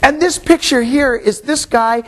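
A man's voice: very high-pitched, a little slow, poor audio. A man preaching a sermon as a pastor, retelling a parable and acting out its characters' voices. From Hawaii. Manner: animated, acts out the parable's voices. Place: church.

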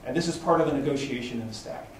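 A man's voice: medium pitch, rapid-fire. A man presents to a small group at a meetup, talking loosely and checking in with "right?" as he goes. He is picked up from a distance in a very echoey room. A faint hum of ambience sits beneath him. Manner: loose, conversational, with frequent restarts and "right?" checks. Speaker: presenter at a tech meetup lab.

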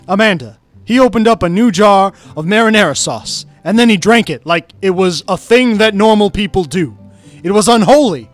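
A man's voice: high-pitched, expressive, normal speed, no echo, faint music behind. A man joking crudely and reading game text aloud during a comedic playthrough. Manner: joking, crude, laughs often. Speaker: game player and reader.

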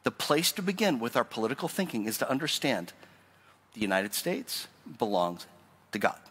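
Pastor, male, preaching with a lively, rising and falling delivery, bright edge, church hall reverb. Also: mid-range voice, normal speed, slightly rough. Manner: animated, emphatic preaching with rhetorical questions. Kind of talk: sermon. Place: church sanctuary.

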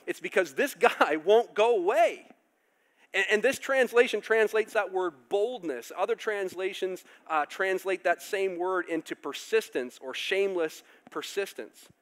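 A male pastor preaching a sermon, animated, acting out characters with loud outbursts. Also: high-pitched, a little slow.

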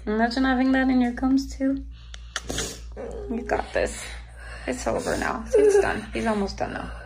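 A woman's voice: high-pitched, sing-song, moderate pace, background noise. A woman, a mother, chatting and soothing her daughter in a doctor's office, laughing often. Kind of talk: casual chat, comforting a child.

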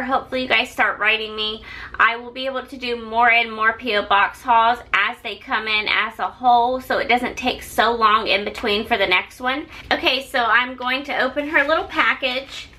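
A woman's voice: fairly high pitch, fairly even intonation, moderate pace, pushed and bright, rough recording. A woman vlogger casually opening fan mail on camera, gushing and effusive over each gift. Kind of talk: casual haul vlog.

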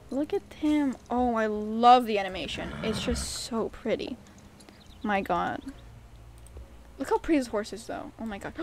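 A woman's voice: fairly high pitch, slow, long pauses. Gushing young woman gamer. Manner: gushing, giggly, swears casually. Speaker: gaming YouTuber. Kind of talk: casual gameplay commentary. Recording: faint game music behind.

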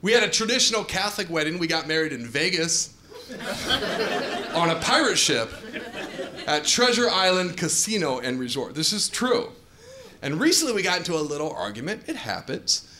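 Animated man doing stand-up in a club. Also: on the high side, normal speed. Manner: animated storyteller with playful asides to the crowd. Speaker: stand-up comedian. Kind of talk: stand-up comedy set. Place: comedy club stage before a live audience. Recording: echoey club with clear audience noise.

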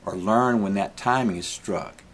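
A man's voice: on the low side, unhurried. A man teaching a guitar strumming lesson, patiently calling out the strokes while he plays. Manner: patient, counts strums aloud over guitar.

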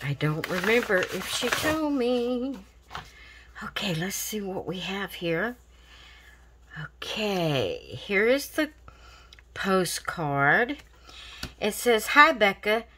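A woman, gushing and excited as she opens craft mail in a casual vlog. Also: mid-range voice, takes it slowly, long pauses, slight background noise. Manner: gushing, excited, repeats thanks. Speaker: craft vlogger.

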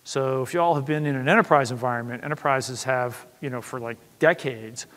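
A man's voice: medium pitch, a little fast, a bit bright. Man giving a talk in a hall. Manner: casual explanatory, many restarts and "you know". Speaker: conference speaker. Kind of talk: tech conference talk. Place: conference hall. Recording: reverberant hall.

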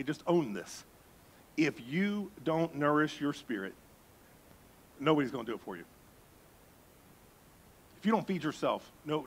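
Animated male pastor with a higher voice. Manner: animated, joking asides with bursts of emphasis. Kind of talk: sermon.

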